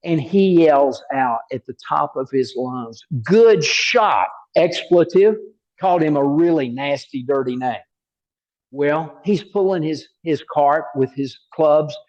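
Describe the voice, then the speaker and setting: A man preaching a sermon in a slightly high voice, telling stories with lively energy. He repeats key words for emphasis. The recording sounds dull and lo-fi. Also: a little slow. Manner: animated storytelling with repeated words.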